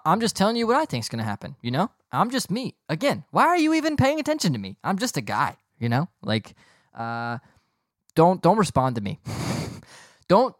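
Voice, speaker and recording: A man's voice: a little high, no room sound, clean studio sound. A young man hosting a podcast, rambling and joking in a boastful, casual way. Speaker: podcast host.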